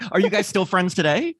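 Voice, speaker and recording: A woman's voice: mid-range voice, no echo, clean studio sound. A woman co-hosting a podcast interview, enthusiastic and playful, laughing often as she asks questions. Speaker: podcast co-host. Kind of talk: casual interview chat.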